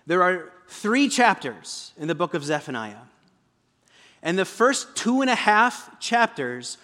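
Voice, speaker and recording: A man preaching a sermon as pastor, conversational, breaking into booming dramatic quotations. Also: a bit bright. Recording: long hall reverb.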